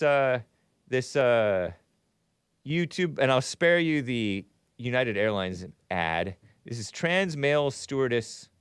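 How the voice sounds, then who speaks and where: A man's voice: mid-range voice, smooth, no room sound, studio quality. A male show host giving rambling, sarcastic commentary, chuckling between remarks as he reads from a chat.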